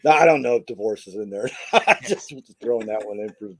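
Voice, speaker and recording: A man's voice: lowish voice, lively intonation, fairly quick. A middle-aged American man co-hosting a podcast, telling road stories in a laid-back way and saying "man" a lot. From United States. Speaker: podcast co-host. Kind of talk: casual chat.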